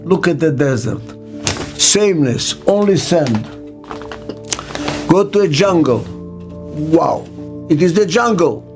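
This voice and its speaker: Slow, emphatic older man. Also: a little high, animated, music in the background. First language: Hebrew. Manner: slow, emphatic, repeats key words. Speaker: business consultant. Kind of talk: interview monologue.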